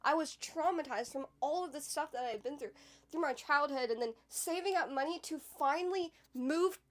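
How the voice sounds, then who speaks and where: High-voiced young woman, chatty. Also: normal speed. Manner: chatty, fills speech with "like", emphatic swings in loudness. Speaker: podcast host. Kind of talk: casual personal storytelling.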